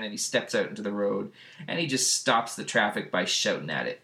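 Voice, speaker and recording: A man's voice: animated, vocal fry, sharp tone. Chatty man recapping a comic. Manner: reads comic dialogue in quick high put-on voices, laughs often. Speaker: podcast host. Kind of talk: casual comic book recap.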